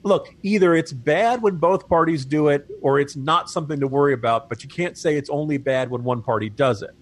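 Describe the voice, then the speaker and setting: A man's voice: on the high side, a little fast. A man co-hosting a political podcast, talking in a wry, chatty way. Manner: wry, chatty, laughs at his own jokes. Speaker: podcast co-host. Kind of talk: casual political talk.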